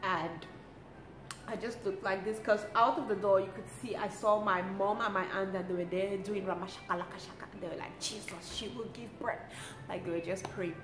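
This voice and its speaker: A young woman, telling a personal story to her vlog audience in a lively, expressive way and laughing often. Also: mid-range voice, fairly quick, over music. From Cameroon. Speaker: lifestyle vlogger. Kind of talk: casual storytelling to camera. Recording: roomy with faint ambient noise.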